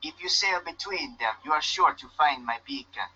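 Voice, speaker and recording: A wary, stranded fisherman in a video game, with a put-on Jamaican accent and stiff, clipped phrasing. The voice sits a bit high and rings bright. The game audio is dull and lo-fi. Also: animated, moderate pace, husky, exaggerated voice. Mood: gruff. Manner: stiff and curt, no contractions. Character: guarded loner fisherman marooned on an island.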